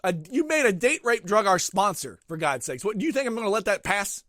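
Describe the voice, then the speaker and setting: A middle-aged man hosting a podcast alone, ranting crudely and profanely with sudden loud outbursts while eating. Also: high voice, very animated, fairly quick, dry recording, clean studio sound. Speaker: podcast host. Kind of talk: solo comedic rant.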